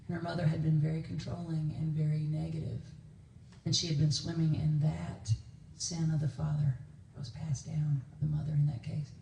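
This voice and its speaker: A woman's voice: sits low, level tone, moderate pace, gravelly, warm tone, a little hiss or hum. A woman minister giving a conversational sermon, telling stories with laughs and quoted voices. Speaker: guest minister. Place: church sanctuary. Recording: echoey church from a distance.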